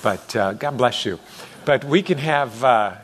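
A man's voice: mid-range voice, animated, measured pace, husky. A middle-aged man preaching a sermon as pastor, conversational and acting out voices as he goes. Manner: conversational, acts out voices with rising intensity.

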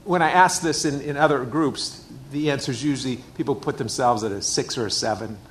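A man's voice: medium pitch, a little fast, slight background noise. A middle-aged man preaching a sermon in a church, emphatic and repeating his key phrases. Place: church hall with a screen.

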